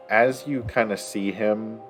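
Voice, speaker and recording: A man's voice: on the low side, steady tone, slow pace, soft background music. A man narrating as game master of a tabletop game, with many hesitant fillers.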